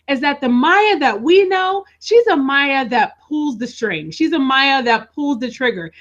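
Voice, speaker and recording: A woman's voice: sits high, fairly bright tone, muffled recording. A woman co-hosting a live TV recap, talking enthusiastically and addressing her co-host again and again.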